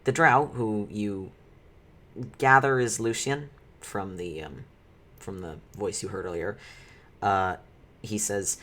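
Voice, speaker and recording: A man's voice: on the low side, slow, long pauses, bright, forceful tone. Man narrating as tabletop game master.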